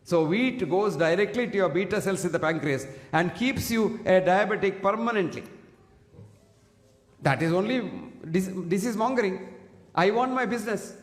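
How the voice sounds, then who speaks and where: A man's voice: high-pitched, moderate pace. A man giving an emphatic public health talk to an audience, standing at a single microphone and often asking the listeners questions. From India. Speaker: speaker addressing an audience. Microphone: single fixed microphone, standing. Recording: echoey hall with long reverb.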